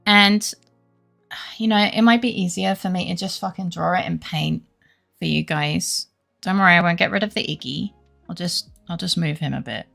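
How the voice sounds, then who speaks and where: Here the same kind of casual live-stream chat comes in a lower, creaky voice at a moderate pace, still fairly bright, over faint background music. She's a young woman from Britain with a headache, rambling to her viewers, greeting the chat again and again, and stumbling through plenty of fillers and restarts.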